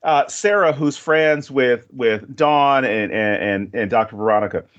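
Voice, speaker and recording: A man hosting a podcast, talking casually and rambling a bit, turning animated when he retells what people said. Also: mid-range voice, unhurried, dull audio. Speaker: podcast host. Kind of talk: casual chat.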